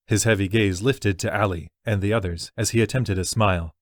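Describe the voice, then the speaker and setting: A man reading a fantasy novel as narrator in an even, measured way. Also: lowish voice, dry recording, studio quality. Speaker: audiobook narrator.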